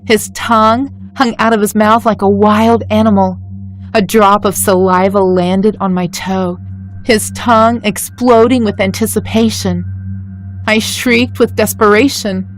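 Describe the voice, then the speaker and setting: Female narrator for a first-person horror tale, measured, dramatic delivery at a mid pitch over faint music. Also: steady tone. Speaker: story narrator.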